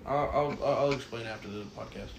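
A man's voice: medium pitch, fairly quick, a little hiss or hum. A young man from the United States in a casual podcast chat with friends, mumbling defensively and swearing. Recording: echoey room.

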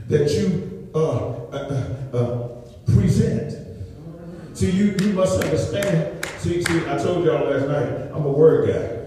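A woman preacher delivering a sermon with call and response, emphatic and repetitive, often climbing into shouts. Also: low voice, expressive, slow, distant mic. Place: church sanctuary. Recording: echoey hall, voice from afar. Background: congregation calling out.

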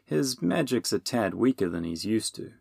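A man's voice: fairly low pitch, expressive, moderate pace, gravelly, darkish tone, slightly rough, dry recording, studio quality, full character voice. Man doing a curious little hero. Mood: explaining. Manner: questioning, explaining. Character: curious little male hero, explaining things.

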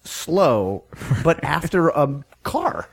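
A man casually telling a story on a podcast, animated, acting out quotes, with many fillers. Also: drawn-out words, creaky. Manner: animated, acts out quotes with big pitch jumps, many "like" fillers.

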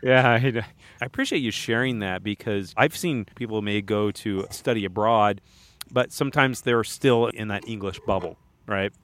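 A man's voice: on the low side, moderate pace, a bit bright. A man hosting a podcast interview, asking follow-up questions and laughing along with his guest. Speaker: podcast host. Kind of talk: casual interview.

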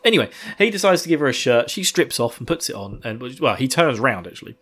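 A man casually retells a book chapter, laughing often and slipping into character voices. His delivery is animated, his pitch bouncing all over the place, and he jokes as he goes. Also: fast talker, few pauses, breathy edge.

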